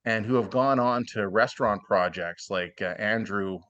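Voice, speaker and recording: A man's voice: fairly low pitch, normal speed, a bit bright, muffled recording. A man giving blunt, plainspoken advice as a guest in a casual podcast interview. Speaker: podcast guest, former cooking show contestant.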